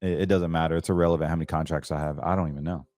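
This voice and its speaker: A man with a steady bass voice, a little mellow, races through trades while hosting a financial show. The casual market commentary is chatty and emphatic, with stumbles over words and self-corrections, recorded in a clean, dry studio with no room sound.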